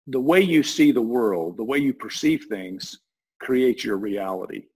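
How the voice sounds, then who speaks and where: A man's voice: medium pitch, animated, measured pace, a little mellow, husky, poor audio. A man talking through an idea in a loose, rambling way, often restarting his sentences. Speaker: guest explaining a voice technology. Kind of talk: casual explanatory talk.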